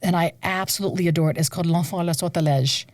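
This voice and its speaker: A woman who is an opera singer, talking in a casual interview, animated and laughing often, sometimes dropping to a whisper for emphasis. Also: on the low side, racing, dry recording. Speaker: guest, opera singer and conservatory staff.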